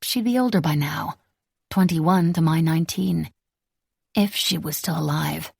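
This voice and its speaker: A woman reading a novel aloud in the first person, with wry, measured storytelling. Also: deep voice, creaky, darkish tone, husky, no room sound, studio quality. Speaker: audiobook narrator.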